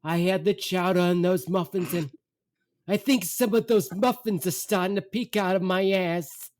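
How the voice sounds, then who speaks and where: A man's voice: high-pitched, fairly even intonation, normal speed, darkish tone, pitched above the performer's own voice, lightly acted. A man playing a complaining older mother who whines and repeats herself. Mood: moaning. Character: whiny hungry older mother.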